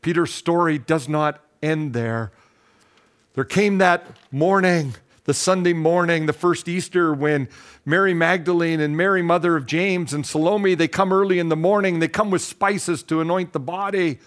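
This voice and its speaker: Earnest preacher man, slightly high voice. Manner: earnest, dramatic storytelling with pauses and repeated words. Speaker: pastor. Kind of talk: sermon retelling a Bible story.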